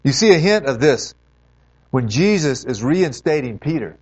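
A man preaching an earnest sermon, his voice rising and falling in lively swings as he urges his listeners on. He stretches out key phrases for emphasis. The recording sounds dull and lo-fi. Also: medium pitch, normal speed, breathy edge. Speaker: pastor.

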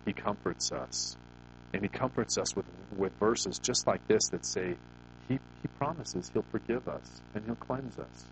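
A man's voice: fairly low pitch, measured pace, gravelly, slight background noise, rough recording. A middle-aged man preaching to a congregation in a conversational, storytelling way, often asking them questions. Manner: folksy personal storytelling. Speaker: pastor. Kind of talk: sermon.

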